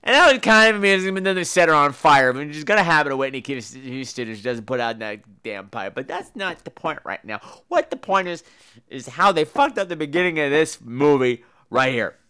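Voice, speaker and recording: A man's voice: fairly high pitch, expressive, fairly quick, pushed and bright, clear, resonant tone. A man hosting a podcast, reviewing movies in a profane, sarcastic comedic rant. He swears freely and mimics the people he talks about. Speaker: podcast host reviewing films.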